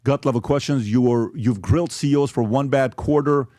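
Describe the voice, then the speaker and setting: On his show, a podcast host with a mellow, medium-pitched voice speaks fairly quickly, emphatically reviewing social media posts and questions and frequently asking "okay?" The recording is dry and studio quality.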